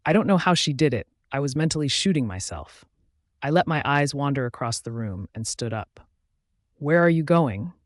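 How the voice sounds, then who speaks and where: A man narrating a first-person audiobook in a steady, even reading voice. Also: medium pitch, fairly quick, no echo, clean studio sound.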